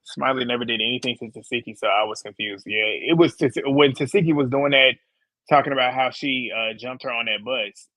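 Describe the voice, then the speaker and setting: A man's voice: mid-range voice, a little fast, pushed and bright, no echo, low-quality recording. A man hosting a casual live reality show recap, blunt and laughing often. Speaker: host.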